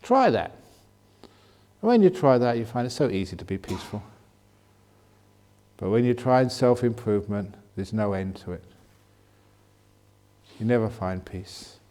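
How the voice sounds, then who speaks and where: A man, a Buddhist monk, answering questions at a meditation retreat in a gently humorous way, slowing and softening his voice to show calm speech. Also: fairly low pitch. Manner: gently humorous, laughs at his own jokes. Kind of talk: dharma Q&A talk at a retreat.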